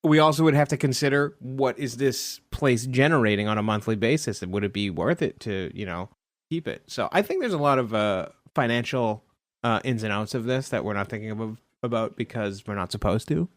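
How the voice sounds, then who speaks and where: A man muses aloud on a podcast, pausing and hedging as he works things out. His pitch sits in the middle for a man. The close recording is dry. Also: dry recording. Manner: thinking aloud, hesitant. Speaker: podcast co-host. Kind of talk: casual chat.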